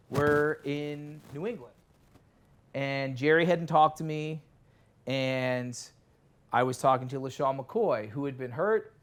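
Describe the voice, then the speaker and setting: A man, a sports reporter and podcast guest, telling a story in a casual, animated way and acting out the lines of the people in it. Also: medium pitch. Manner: animated, acts out quoted lines.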